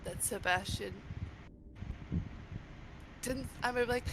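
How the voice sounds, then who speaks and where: A woman's voice: on the high side, a little slow, gravelly, background noise. A woman playing a tabletop game, chatting casually and laid-back with a lot of fillers. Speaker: player. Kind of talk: casual tabletop role-play.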